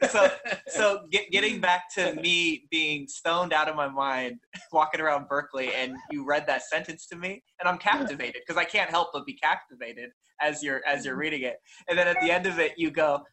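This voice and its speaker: A man in casual discussion, telling lively stories and laughing. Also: on the high side, normal speed, low-quality recording. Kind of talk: casual storytelling.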